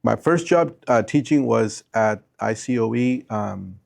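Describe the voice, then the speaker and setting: A man in his fifties from Bolivia, a teacher and coach, telling stories in a relaxed interview and often repeating his answers. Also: mid-range voice, a little slow, gravelly. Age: 50s. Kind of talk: casual interview.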